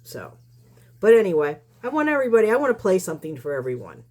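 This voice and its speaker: A woman's voice: mid-range voice, very animated, fast, darkish tone. A woman giving casual commentary on her channel, combative and rambling, with many restarts. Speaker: YouTube commentator.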